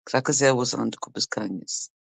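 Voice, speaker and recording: A woman chats casually with a live audience on her stream, reading comments and teasing viewers with laughs and the odd curse. Her bass voice is gravelly and husky at a moderate pace, recorded dry.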